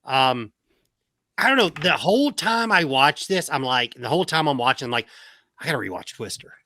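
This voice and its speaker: A man's voice: fairly high pitch, expressive, moderate pace, pushed and bright, no room sound, studio quality. A man giving his take on a film in a casual podcast chat, hesitant and rambling with many fillers. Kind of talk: casual movie review chat.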